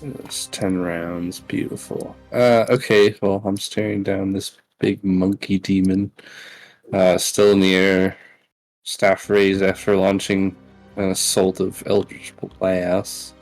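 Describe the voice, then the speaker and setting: A man playing a tabletop game, laid-back and thinking out loud. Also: low-pitched, little pitch movement, takes it slowly, soft background music, rough recording. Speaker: player. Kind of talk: casual tabletop game play.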